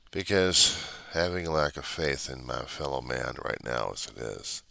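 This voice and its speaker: A man with an extremely low, gravelly voice that still comes across bright and forceful. He rants in an agitated, repetitive way, piling up rhetorical questions. The recording is dry and close, with no room sound. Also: dry recording. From United States. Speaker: vlogger. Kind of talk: ranting monologue. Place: apartment.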